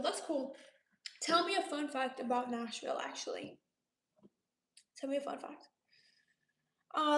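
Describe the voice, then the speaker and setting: A woman's voice: high-pitched, roomy sound. A woman in her late twenties from Romania, casually chatting on a livestream, reading out viewer comments and answering them in a laid-back way. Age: 20s. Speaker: livestream host.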